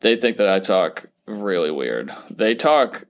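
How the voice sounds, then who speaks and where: A man's voice: on the low side, big pitch swings, takes it slowly. A man co-hosting a radio chat, telling stories in a rambling way with lots of fillers. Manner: rambling, full of "like" and restarts. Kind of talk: casual chat.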